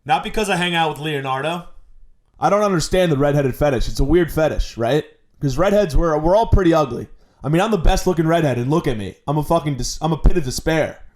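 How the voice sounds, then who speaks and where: A man's voice: on the high side, expressive, fast. A man in his twenties hosting a comedy podcast, delivering an exaggerated, mock-indignant rant. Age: 20s.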